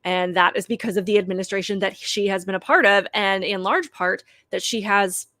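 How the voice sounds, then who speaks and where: A woman's voice: mid-range voice, brisk, pushed and bright, no echo, clean studio sound. A woman hosting a political commentary show, talking straight to viewers in an emphatic, critical way. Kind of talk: opinionated commentary to camera.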